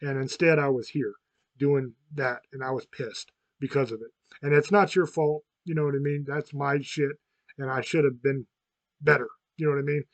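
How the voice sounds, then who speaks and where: A man's voice: mid-range voice, fairly even intonation, moderate pace, dry recording, dull audio. A man in his fifties hosting a podcast, talking in a frank, rambling and profane way, often restarting his sentences. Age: 50s. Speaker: podcast host. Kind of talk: casual chat.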